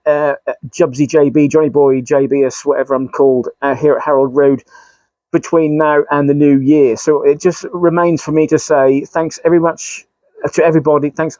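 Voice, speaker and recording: A man's voice: a little high, darkish tone, dry recording. A man, a model railway YouTuber, chatting casually in a rambling, self-mocking way with frequent sighs. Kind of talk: casual vlog chat.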